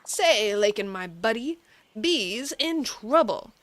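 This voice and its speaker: A woman voicing an excitable male cartoon tiger from a game, with a folksy Southern drawl. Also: on the high side, slow pace.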